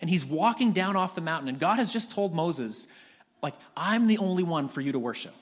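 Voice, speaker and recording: A man's voice: animated, a little fast, breathy edge. A man preaching a sermon as a pastor, retelling scripture in a conversational storytelling way with frequent restarts. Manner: drops to soft low voice in prayer.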